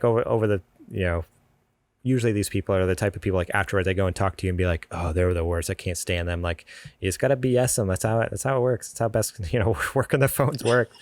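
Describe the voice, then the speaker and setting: A man's voice: on the low side, a little mellow, dry recording. A man co-hosting a podcast, talking casually in his garage, with lots of fillers and restarts. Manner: rambling, frequent fillers and restarts. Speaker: podcast co-host. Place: home garage with door open.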